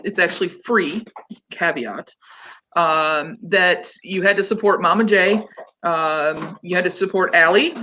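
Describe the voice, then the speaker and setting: A woman's voice: mid-range voice, sharp tone, slight background noise. A woman hosting a casual livestream, chatting loosely with many ums and restarts. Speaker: host.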